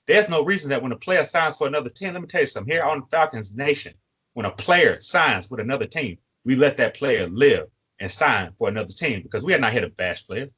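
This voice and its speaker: A man's voice: mid-range voice, animated, fairly quick, bright, forceful tone, breathy edge. A man co-hosting a sports fan show, lecturing a player in a repetitive, preachy way. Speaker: co-host. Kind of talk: fan sports podcast talk.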